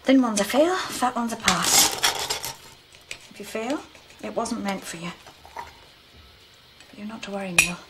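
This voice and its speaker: A woman's voice: mid-range voice, expressive, unhurried, heavy background noise. An actress playing a proper, fussy mother of a young schoolboy, prim and correcting but tender with him. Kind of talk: television drama acting. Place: breakfast table indoors. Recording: loud clatter of dishes and cutlery.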